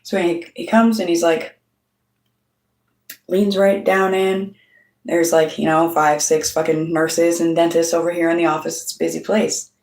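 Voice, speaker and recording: A woman's voice: lowish voice, level tone, unhurried, darkish tone, far from the mic. Blunt, swearing woman in a roomy space. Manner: blunt, heavy swearing, storytelling with quoted voices. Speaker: channel host. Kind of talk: casual monologue to camera. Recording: roomy sound, voice off-mic.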